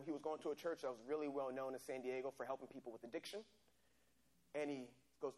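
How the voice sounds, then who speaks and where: A man preaching a sermon, telling a personal story with animated, acted-out scenes. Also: medium pitch, fast talker.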